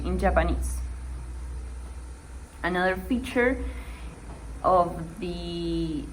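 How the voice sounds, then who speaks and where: Slow, hesitant young woman student. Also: mid-range voice, a little hiss or hum, low-quality recording. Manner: hesitant, with frequent "eh" fillers. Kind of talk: class assignment presentation.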